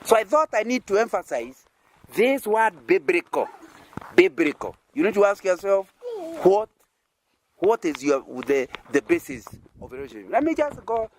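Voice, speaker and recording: A Kenyan-accented man teaching a sermon in a fairly high voice. His pitch swings widely as he talks. He keeps throwing rhetorical questions at the congregation and chuckling between points. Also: sing-song, normal speed. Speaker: preacher.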